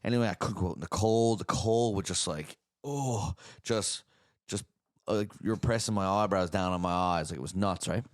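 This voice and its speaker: A podcast host with a deep voice speaks at normal speed, recorded at studio quality with no room sound. Relaxed and chatty, he tells a story and habitually ends sentences with "right?".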